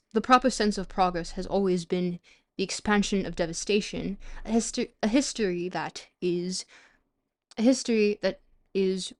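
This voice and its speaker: A French-native woman reading a philosophy book aloud on a live stream, stopping often to restart words and check how names are pronounced. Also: medium pitch.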